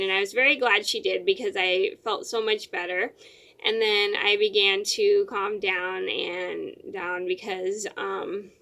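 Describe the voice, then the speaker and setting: A woman's voice: medium pitch, bright, forceful tone. A young adult woman vlogger telling a personal story in a casual, rambling way, with lots of fillers and repeated words.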